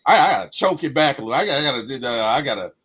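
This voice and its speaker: A man co-hosting a casual movie podcast, telling stories with emotional, animated delivery and a husky voice. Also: mid-range voice, very fast, dull audio. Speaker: podcast co-host.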